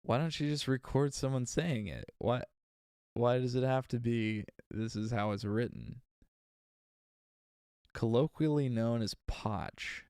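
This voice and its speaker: A man's voice: mid-range voice, darkish tone, clean tone, no room sound, clean studio sound. A man recording an audiobook on a livestream, reading with retakes and chatting with exasperated asides in between. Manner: reads slowly with retakes, chats with exasperated asides. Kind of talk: casual livestream chat between reading takes.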